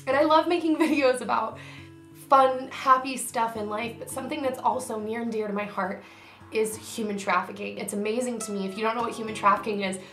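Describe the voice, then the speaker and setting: A woman's voice: fairly high pitch, steady tone, brisk, fairly bright tone. Earnest woman vlogger in an echoey room. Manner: earnest, emotional, choked up near the end. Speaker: YouTube vlogger. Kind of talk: heartfelt direct-to-camera talk. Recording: echoey room with faint music.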